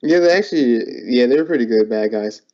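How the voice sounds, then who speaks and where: A man's voice: mid-range voice, lively intonation, fairly quick, darkish tone. A young man as a guest in a casual chat, easygoing and agreeable, who hedges a lot with "like". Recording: muffled lo-fi recording.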